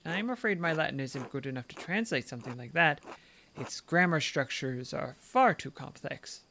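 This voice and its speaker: A man's voice: on the high side, lively intonation, normal speed, creaky, bright, forceful tone, a little hiss or hum, full character voice. A man voicing a kindly, sly elderly nun in a put-on British accent with a little cockney in it, as he reads game dialogue aloud.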